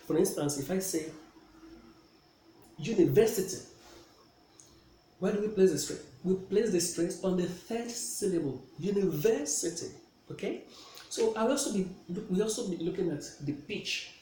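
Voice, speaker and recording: Man, a bit high-pitched and mellow, teaching pronunciation in a roomy, echoey space. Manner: checks in often with "okay?". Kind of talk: classroom pronunciation lesson. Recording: echoey room with faint noise.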